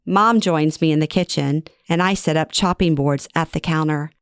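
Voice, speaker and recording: Narrating her memoir in the first person, a middle-aged woman speaks at a moderate pace in a slightly low, clean voice with a wry, self-deprecating, conversational tone. The recording is close and dry, free of echo or room sound.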